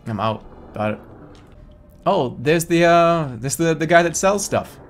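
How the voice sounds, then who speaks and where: A man streaming a video game, talking to chat in an animated way with sudden yelps and casual swearing. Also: on the high side, a little slow. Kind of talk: live gaming stream commentary. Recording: game music in background.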